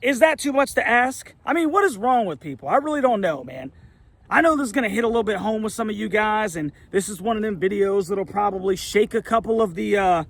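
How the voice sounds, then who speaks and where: A middle-aged sports fan commentator delivers an angry, heated rant, exasperated and firing off rhetorical questions. His voice sits high and is a bit bright, with lively intonation, a brisk pace and vocal fry.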